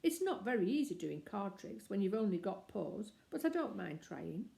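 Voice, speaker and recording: A woman's voice: mid-range voice, sing-song, normal speed, gravelly, mellow. A woman reading aloud and voicing a small, polite, earnest young bear with a hopeful manner.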